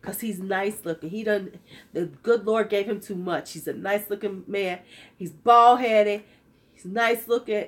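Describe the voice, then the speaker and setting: A woman in her fifties talks straight to her viewers in a candid, joking, sassy way. She keeps a casual livestream chat going at a mid pitch, and her voice sounds a little worn out. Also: measured pace. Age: 50s. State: slightly worn-out voice. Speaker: vlogger.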